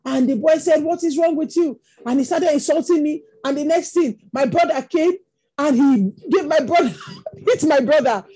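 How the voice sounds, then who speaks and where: Nigerian woman preacher, high mellow voice, animated storytelling sermon. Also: normal speed. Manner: storytelling, rising to impassioned exclamations.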